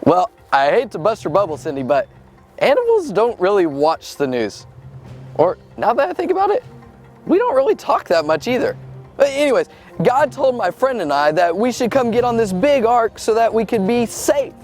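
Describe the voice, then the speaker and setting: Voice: medium pitch, sing-song, moderate pace, darkish tone, soft background music. An actor voicing a laid-back, trusting male lion in a kids' church comedy skit, talking in an easygoing, slightly goofy drawl.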